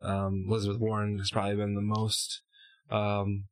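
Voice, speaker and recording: A man on a podcast talking politics casually, halting with lots of fillers. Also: lowish voice, monotone, no echo. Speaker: podcast co-host.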